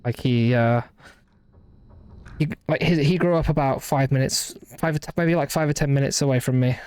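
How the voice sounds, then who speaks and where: A man's voice: mid-range voice, normal speed, a little mellow, clean tone, dry recording. A young man with a light Midlands accent, rambling casually as a streamer commenting on a game, full of restarts. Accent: light Midlands English. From English Midlands. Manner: rambling, hesitant, many restarts. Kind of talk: casual let's-play commentary.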